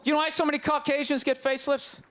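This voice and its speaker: A man's voice: very high-pitched, flat delivery, fast talker, fairly bright tone. A middle-aged man with a Boston accent doing a brash, ranting stand-up set, mocking the crowd. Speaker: stand-up comedian. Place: comedy stage before a live audience. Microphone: handheld stage mic. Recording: live club recording with crowd noise.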